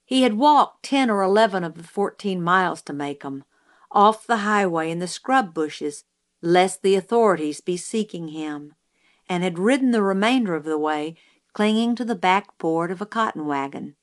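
Casual: lady reading a novel aloud, steady storytelling, kinda low pitch. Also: moderate pace. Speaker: audiobook narrator. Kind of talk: scripted audiobook narration.

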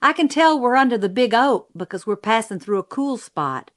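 A protective older brother in a storybook speaks calmly and plainly, as a woman reader puts him on. He gives steady, practical directions. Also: fairly high pitch, moderate pace, lightly acted. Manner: calm, instructing.

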